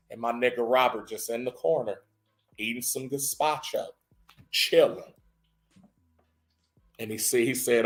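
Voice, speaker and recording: A man recapping a movie as casual comedy, telling it in a profane, animated way with rising bursts. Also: medium pitch, moderate pace.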